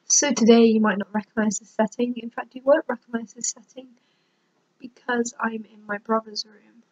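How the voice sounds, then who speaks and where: A woman vlogging in a soft, gentle half-whisper, speaking in a flat monotone with a stuffy nose from hay fever. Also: on the high side, moderate pace, husky, no room sound, dull audio. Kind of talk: soft-spoken late-night vlog. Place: brother's bedroom, indoors.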